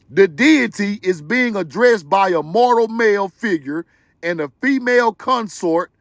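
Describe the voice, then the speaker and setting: A man hosting a livestream, talking straight to his viewers in an animated, preachy, joking way with loud bursts of laughter. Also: sits high, dry recording. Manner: talks to viewers directly. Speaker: livestream host. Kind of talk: excited livestream commentary.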